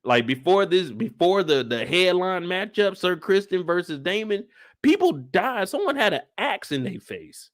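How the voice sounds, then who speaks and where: A young man, hosting a casual live show recap and acting out the characters as he talks. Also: high-pitched. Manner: animated storytelling, acts out characters in quick voice switches.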